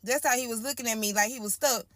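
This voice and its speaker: A woman's voice: fairly high pitch, quick pace, a bit bright, dry recording, studio quality. A woman giving an emotional first-person account of a frightening night. She talks colloquially, repeats her phrases and speaks to listeners as y'all. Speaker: storyteller giving a testimony.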